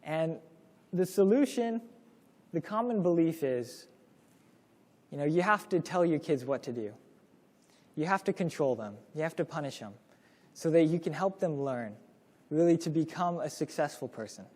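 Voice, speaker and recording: A man's voice: a little high, animated, moderate pace, pauses often, darkish tone. Young man telling a story in a hall. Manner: casual, storytelling, acts out quoted lines. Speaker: course presenter. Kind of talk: classroom talk to parents.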